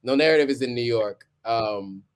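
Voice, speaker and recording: A man's voice: mid-range voice, moderate pace, background noise. Chill guy hosting a live, keeps laughing and saying um, voice sits mid-range. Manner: laid-back, chuckling, many ums. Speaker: live stream host. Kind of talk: casual live-stream chat.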